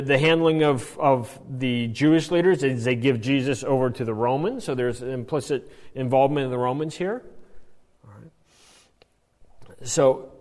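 A man giving a Bible study lecture in an animated way, often checking in with "right?". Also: fairly high pitch, big-room sound. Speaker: Bible teacher.

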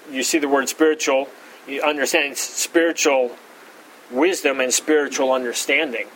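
A man with a fairly high voice leads a verse-by-verse Bible study. He hammers key words with sudden jumps in pitch and often backs up to restart a phrase. A faint hum of room noise sits under his voice. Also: a bit bright, poor audio. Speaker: Bible teacher.

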